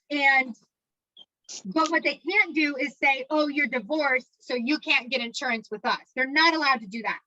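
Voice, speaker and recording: A high, bright-voiced American woman runs an exam prep class at a brisk, energetic clip. She drills key points by repeating them and throws in memory tricks. The recording sounds a little dull and lo-fi. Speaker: insurance exam prep instructor.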